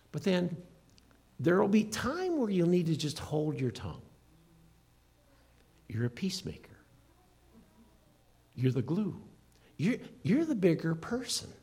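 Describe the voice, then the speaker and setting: A man's voice: fairly high pitch, creaky, darkish tone, breathy edge. A middle-aged man preaching a sermon as a pastor, earnest and emphatic, swinging his voice up and down for emphasis. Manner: earnest, emphatic preaching with rising and falling delivery.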